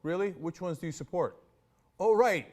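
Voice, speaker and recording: Animated sarcastic male political commentator. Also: high voice, moderate pace. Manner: sarcastic and mocking; mimics others in exaggerated voices.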